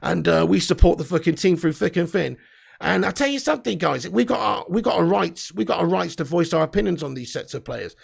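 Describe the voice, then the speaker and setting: A man's voice: sits high, a little fast, creaky, husky. A young man hosting a live fan stream, reading chat comments and ranting bluntly with plenty of swearing. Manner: blunt, sweary, excitable banter. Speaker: livestream host.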